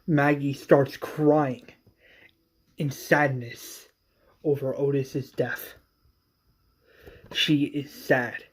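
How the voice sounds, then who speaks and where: A man casually recapping an episode of a fan series, halting and repeating words as he goes. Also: medium pitch, steady tone, slight background noise.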